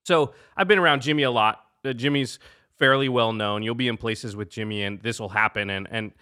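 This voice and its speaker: A man's voice: medium pitch, a little fast, clear, resonant tone. A man telling a funny anecdote in casual chat, laughing often and acting out the people he quotes. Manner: lively storyteller, laughs often, acts out quotes. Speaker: podcast co-host telling a story.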